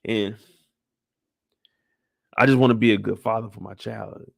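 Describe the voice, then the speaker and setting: A reluctant younger brother , as a man puts him on, explains himself in a hushed, pleading murmur. The voice is gravelly with fry and dry, close to the mic. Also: fairly low pitch, steady tone, unhurried, dry recording, full character voice.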